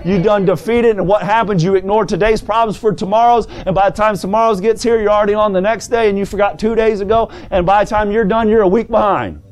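A man preaching a sermon in a folksy manner, calling the congregation brother and sister and rising to shouts. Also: high voice, fairly even intonation, quick pace, few pauses. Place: church service.

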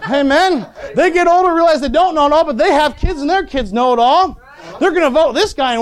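A man's voice: very high-pitched, fairly quick. A man preaching a sermon as pastor, repeatedly asking the congregation for an amen, with chuckling asides.

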